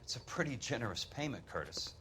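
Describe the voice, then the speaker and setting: An actor playing a respectful, steady 1940s insurance investigator in a game. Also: male voice, medium pitch, fairly quick, a little hiss or hum. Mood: earnest.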